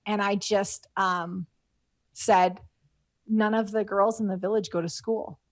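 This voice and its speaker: A middle-aged woman telling stories in an interview, rambling with plenty of fillers and false starts. She is close to tears while she speaks. Her voice sits at a middle pitch and sounds dry and close, with no room echo. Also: steady tone, takes it slowly. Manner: rambling, many fillers and restarts. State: moved to tears. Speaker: guest. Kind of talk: casual interview talk.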